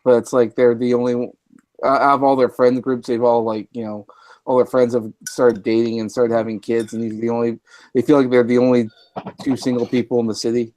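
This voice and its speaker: A man's voice: mid-range voice, level tone, a little fast, darkish tone, dry recording. Hesitant man on a dry mic. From Canada. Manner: hesitant, many fillers and restarts. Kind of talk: casual group chat on a stream.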